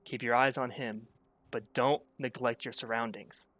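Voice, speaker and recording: A man's voice: medium pitch, flat delivery, moderate pace, a bit bright, close to an everyday voice. A man voicing an earnest, easily distracted male head bodyguard who talks hesitantly and stammers. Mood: instructive.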